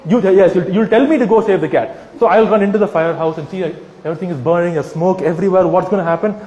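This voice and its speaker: A man giving a humorous, persuasive talk to a live audience, animated and teasing, asking rhetorical questions. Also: sits high, fast, muffled recording. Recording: echoey hall with long reverb.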